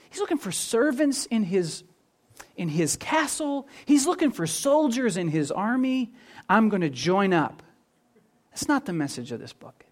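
In an earnest, lively sermon, a man speaking as pastor alternates quiet, low-pitched stretches with forceful, lifted moments.

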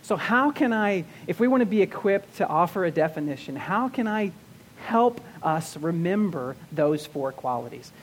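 A male pastor teaching a sermon, restarting and repeating words as he goes, slowing down to stress key terms. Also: high-pitched, expressive, slight background noise.

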